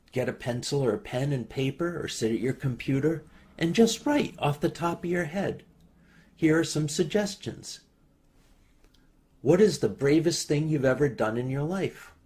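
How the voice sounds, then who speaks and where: Regular-voiced guy calmly reading writing prompts off a list. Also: medium pitch.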